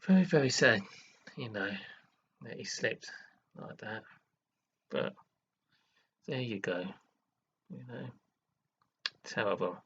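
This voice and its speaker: A man's voice: on the low side, slow pace, pauses often, a bit bright, lo-fi sound, slight background noise. A man vlogging to his viewers in an earnest, dramatic way, scolding and praising by turns. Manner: dramatic, scolding and earnest, with sudden laughs and sighs. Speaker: live streamer. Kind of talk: emotional monologue vlog.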